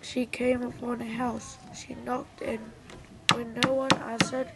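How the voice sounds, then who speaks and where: Slow gravelly woman reading a story. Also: on the high side, little pitch movement, heavy background noise.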